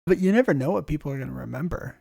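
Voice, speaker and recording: A man hosting a casual podcast conversation, telling relaxed work stories and often clearing his throat. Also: on the high side, rapid-fire, no room sound, studio quality. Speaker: podcast host, ER nurse.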